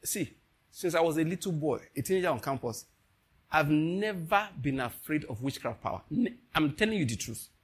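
A Nigerian man preaches with high, husky energy. He laughs often and swings between hushed asides and loud, soaring exclamations. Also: expressive, moderate pace. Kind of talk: sermon.

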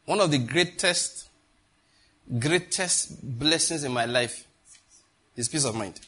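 Nigerian man, middle-aged preacher, husky, animated storyteller. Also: fairly high pitch, slow. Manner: animated storytelling with Pidgin asides. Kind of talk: sermon.

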